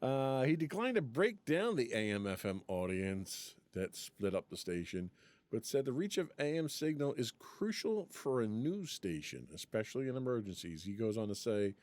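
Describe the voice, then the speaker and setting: A man's voice: mid-range voice, big pitch swings, moderate pace, a little mellow, dry recording. A man co-hosting a casual podcast chat, reading from an article and laughing often. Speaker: podcast co-host.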